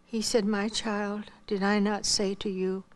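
Woman, missionary testimony, earnest storytelling, even steady delivery. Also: mid-range voice, a little slow. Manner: earnest, quotes dialogue.

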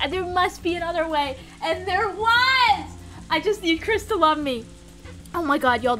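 A woman streaming a video game live, commenting excitedly and talking straight to her chat. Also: sits high.

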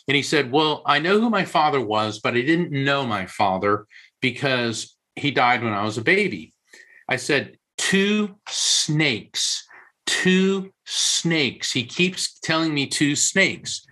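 Bright-voiced man explaining eagerly. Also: medium pitch. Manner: animated storyteller, does quick voices in anecdotes. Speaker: psychic medium guest. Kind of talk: conversational interview explanation.

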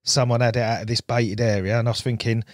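A man's voice: medium pitch, flat delivery, fast, dry recording, studio quality. A man, a guest on a podcast, telling stories in casual chat and laughing often. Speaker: guest angler. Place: podcast studio.

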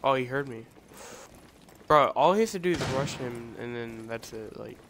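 A man's voice: medium pitch, lively intonation, normal speed. A man streaming a shooter game, commenting casually and mocking himself and his teammates. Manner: self-mocking, exasperated outbursts at teammates. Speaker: gamer streaming his play. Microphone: phone recording. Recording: noisy game audio underneath.

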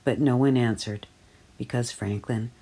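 A woman reading a children's picture book aloud for storytime, gently and clearly. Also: a bass voice, steady tone, measured pace. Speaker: storytime reader at early years centre.

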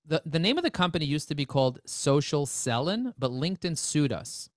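Man, webinar presenter, energetic, joking sales patter, dry close sound. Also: fairly high pitch, brisk, no room sound.

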